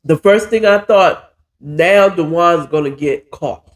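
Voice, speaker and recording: Male podcast host, easygoing story recap, talks slowly, recorded in an echoey room. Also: on the high side. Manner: loose and digressive, with side comments and swearing. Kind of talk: casual retelling of a novel chapter. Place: alone in a room.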